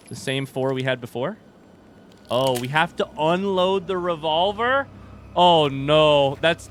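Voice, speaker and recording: A man streaming a horror game with casual commentary, animated and wry, swearing and joking as he plays. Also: mid-range voice, slight background noise. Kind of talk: casual let's-play commentary.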